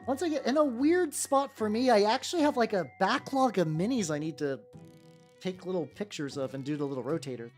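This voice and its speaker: A woman's voice: mid-range voice, fairly quick, darkish tone. A woman in her thirties chatting casually as she paints miniatures, rambling through ideas with constant "like" fillers. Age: 30s. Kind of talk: casual chat while painting. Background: faint background music.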